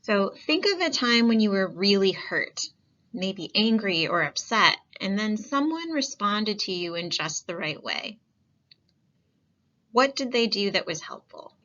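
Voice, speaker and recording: A woman giving a calm, coaxing life skills lesson. She asks the listener many reflective questions and often says "um". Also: mid-range voice, unhurried, muffled recording. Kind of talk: gentle reflective lesson talk.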